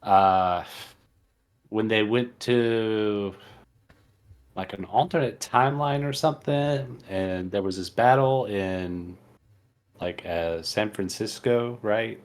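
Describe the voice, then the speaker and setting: Hesitant middle-aged man, lowish voice. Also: slow pace. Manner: hesitant, thinks aloud with fillers. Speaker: podcast co-host. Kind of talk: casual chat.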